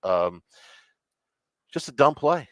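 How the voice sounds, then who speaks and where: A man co-hosting a live sports radio show, talking in an easygoing, casual way with halting restarts. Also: mid-range voice, very animated, a bit bright, no room sound. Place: restaurant, live remote broadcast.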